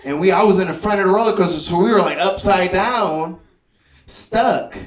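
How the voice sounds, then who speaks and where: A man's voice: high-pitched, moderate pace. A man in his thirties doing a stand-up comedy set, chatty and conversational, often checking in with the crowd. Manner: conversational, keeps asking the crowd "you know what I mean". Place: comedy club stage before a laughing audience. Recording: roomy live club sound from far off, crowd laughter.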